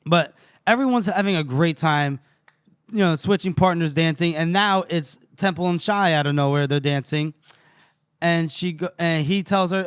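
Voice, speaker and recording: A man's voice: a little high, normal speed, smooth, no room sound, clean studio sound. A man co-hosting a podcast, casually retelling book scenes with lots of laughter and quoted dialogue. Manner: animated storyteller, quotes characters, laughs often. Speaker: podcast co-host recapping a book.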